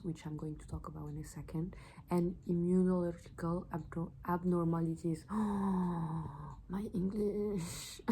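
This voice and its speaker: A woman's voice: lowish voice, mellow, slight background noise, low-quality recording. A woman in her twenties with a French accent, a student explaining her revision notes in a hesitant, self-correcting way. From France. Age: 20s. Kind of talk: casual study explainer.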